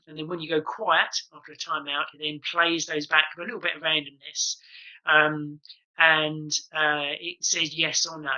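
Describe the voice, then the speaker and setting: A man's voice: fairly high pitch, level tone, normal speed, pushed and bright, lo-fi sound. A man giving an online conference presentation over a video call, explaining projects with lots of ums and uhs. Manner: explanatory, filler-heavy with many ums and uhs.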